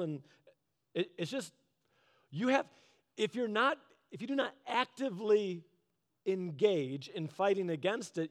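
A man preaching a casual, conversational sermon, telling stories in an earnest, chatty way. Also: sits high. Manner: earnest, chatty storytelling with laughs.

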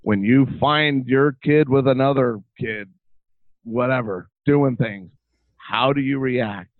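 A man's voice: mid-range voice, takes it slowly, no room sound. A middle-aged man talking as a guest, telling stories with animation and many restarts. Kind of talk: casual interview chat. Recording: tinny phone-like line.

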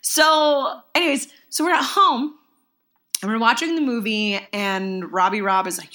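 A woman in her thirties telling a story in casual chat, animated and acting out quotes in a high voice. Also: a little slow.

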